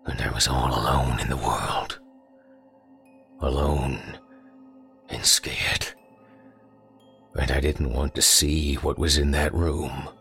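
A man voicing a dying old man, gravelly and deep. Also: fairly even intonation, slow, pauses often, a bit bright, faint music behind, full character voice. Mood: grim, haunted. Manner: folksy, rural storytelling grammar; pained, gasping delivery. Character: dying older man, haunted and bitter.

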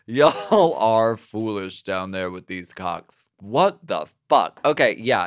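A man co-hosting a podcast in casual chat, bantering and animated, loud one moment and muttering the next. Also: fairly low pitch, slow, no echo, studio quality. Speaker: podcast co-host. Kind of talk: casual chat, reading listener emails.

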